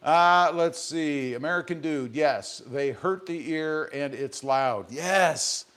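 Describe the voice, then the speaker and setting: Man hosting a chatty live stream from a garage, reads comments and jokes, slightly high voice. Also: slow pace, fairly bright tone, clear, resonant tone. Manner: joking, rambling, reads viewer comments aloud. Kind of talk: casual live stream chat reading comments. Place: home garage.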